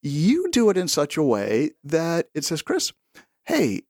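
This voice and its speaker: Middle-aged guy cohosting a podcast, super expressive pitch, dry close sound, plays out the quotes. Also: unhurried, no room sound. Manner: animated storyteller, acts out quoted lines. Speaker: podcast co-host. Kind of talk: casual conversational podcast.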